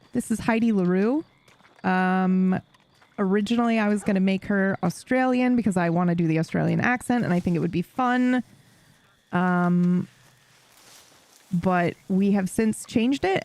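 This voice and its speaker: A woman's voice: on the low side, a little mellow. A woman streamer chatting casually with her live audience while playing a game, swearing freely and laughing often.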